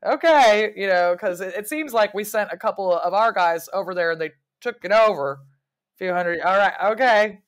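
A woman historian talking as a guest in a casual interview, animated and digressive, breaking into quick laughs and playful mock quotes. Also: mid-range voice. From lives in London.

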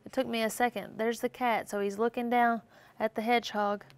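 A woman's voice: on the high side, fairly quick, clean tone. A woman teaching young children, reading a picture book aloud and asking them questions as she goes. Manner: animated, asks questions and answers for listeners. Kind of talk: storybook read-aloud lesson with questions to children.

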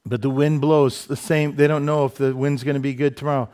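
A male pastor preaching a sermon, telling stories with lively asides and self-deprecating humor. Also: mid-range voice, brisk. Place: church sanctuary.

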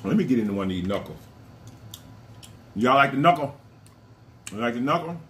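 Bright-voiced man chatting through a meal. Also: medium pitch, animated, a little hiss or hum. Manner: playful, addresses viewers as y'all, food-filled pauses. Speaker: mukbang vlogger. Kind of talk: casual chat while eating on camera.

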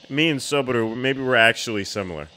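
Young dude doing a movie reaction, chill unhurried talking, hyped and slangy. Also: male voice, mid-range voice, a little hiss or hum. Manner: excitable, slangy, calls out to the screen. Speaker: film reaction host. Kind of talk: casual reaction commentary.

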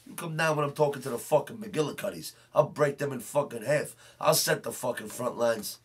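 A man's voice: mid-range voice, a little fast, hardly any pauses, husky. A man playing a brash, swaggering Brooklyn tough guy, delivering a profane, boastful comedic rant. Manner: boastful, profane, shouting rants. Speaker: comedic character host. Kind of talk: comedic character monologue.

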